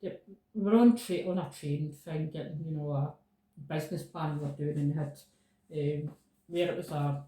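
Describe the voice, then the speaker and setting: A woman chatting casually, her voice low and mellow, hammering home her points with steady repetition. She sits back from the mic in a strongly echoing room. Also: moderate pace, far from the mic. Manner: emphatic, repeats her points firmly. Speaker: podcast host. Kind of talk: casual chat.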